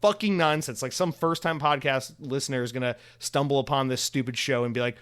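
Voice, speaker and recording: A man's voice: mid-range voice, brisk, hardly any pauses, fairly bright tone, clear, resonant tone. A man in his thirties hosting a solo podcast alone, rambling casually with sarcastic, profane asides.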